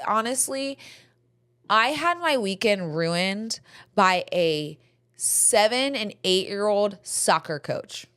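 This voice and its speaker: A middle-aged woman hosting a podcast, telling stories in casual chat, animated and frank, swearing freely. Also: medium pitch, clear, resonant tone. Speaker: podcast host.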